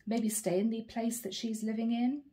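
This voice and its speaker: Musing tarot reader, mellow and high. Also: female voice, steady tone, moderate pace. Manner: musing aloud, naming cards in short bursts. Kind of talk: channeled tarot reading to camera.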